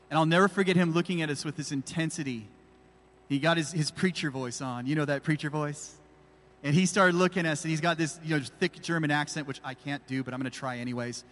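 A man's voice: a little high, a bit bright. A man preaching a sermon as pastor, pressing his point with emphatic, repeated rhetorical questions. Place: church. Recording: reverberant church hall.

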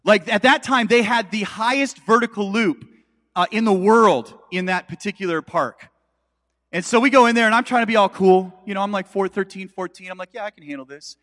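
A male pastor delivers a sermon in a casual, storytelling manner. His voice sits high for a man. The recording carries the long reverb of a large hall. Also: fairly quick, a bit bright. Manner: storytelling, conversational with asides to congregation.

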